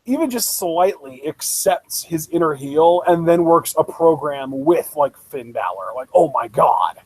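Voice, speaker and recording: A man's voice: a little high, animated, a little slow, a little mellow, rough recording. A young man co-hosting a casual wrestling review show, enthusiastic, laughing often and full of fillers like "like". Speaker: podcast co-host.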